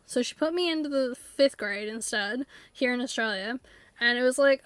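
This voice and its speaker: A woman's voice: sits high, a little fast, smooth, no room sound. A woman streamer chatting casually while playing, rambling with lots of fillers and breaking into silly voices. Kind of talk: casual chat while live-streaming a game. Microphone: desktop USB mic.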